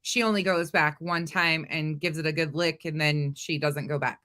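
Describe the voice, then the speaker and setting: Host of a gossip chat: a woman with a bright, clear voice who asks the viewers rhetorical questions. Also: low voice, fairly even intonation, normal speed.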